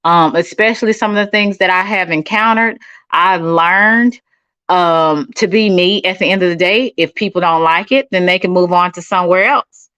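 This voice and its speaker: A woman's voice: fairly low pitch, moderate pace, fairly bright tone, smooth, dry recording. A middle-aged woman from Dallas with a Texan accent, chatting sassily with viewers on a livestream. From Dallas, Texas. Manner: sassy and chatty, calls people honey and baby. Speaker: livestream host. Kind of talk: casual chat reading viewer comments.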